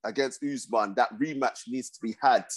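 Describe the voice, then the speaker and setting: A man hosting a casual sports podcast, talking in a steady, measured way. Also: mid-range voice. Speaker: podcast host.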